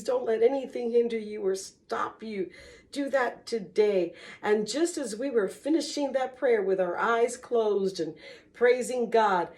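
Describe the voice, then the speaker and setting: A woman slowly telling a personal story in an earnest, testimonial way, breaking into small religious exclamations. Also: a little high.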